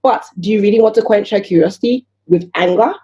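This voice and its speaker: A woman talks as a podcast guest in a quick, lively patter. Her voice is mellow and warm. She keeps firing rhetorical questions and slips into the voices of the people in her stories. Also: mid-range voice. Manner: animated, rhetorical questions, acts out voices of others. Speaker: guest entrepreneur. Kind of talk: casual podcast conversation.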